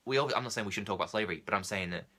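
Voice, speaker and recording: A young man with a cold talks quickly in a bright, sharp voice, hosting a film podcast. He rambles in an animated way, with exaggerated comic rants. The chat stays casual and loose. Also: lowish voice. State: has a cold, coughing.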